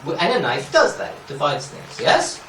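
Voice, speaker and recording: A man's voice: on the high side, huge pitch swings, moderate pace, vocal fry, sharp tone, slight background noise. A man giving an academic lecture, explaining scholarly points with asides and frequent "yeah?" checks to the audience. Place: lecture hall. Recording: echoey lecture hall, mic at a distance.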